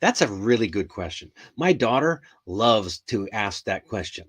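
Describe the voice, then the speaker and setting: A man's voice: on the low side, sing-song, unhurried, breathy edge. A middle-aged man hosting a live English lesson, talking in a chatty, rambling way with frequent ums and restarts. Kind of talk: casual live-stream lesson.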